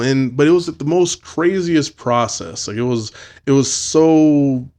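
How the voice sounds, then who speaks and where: A man's voice: medium pitch, measured pace, darkish tone. A man in his thirties hosting a podcast, telling swear-filled stories in casual chat and acting out quoted voices. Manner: profane, storytelling, acts out voices. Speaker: podcast host.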